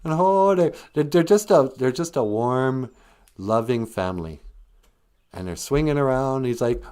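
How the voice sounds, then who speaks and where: Male host telling a comic story, rambling asides, very lively pitch. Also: moderate pace, clean tone. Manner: rambling, jokey asides, frequent self-corrections.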